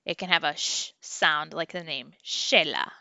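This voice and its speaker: A woman teaching a Spanish phonics lesson online, slowly sounding out syllables for learners to repeat. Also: deep voice, pushed and bright, no room sound, lo-fi sound. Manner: slow, clear drilling of syllables for learners to repeat.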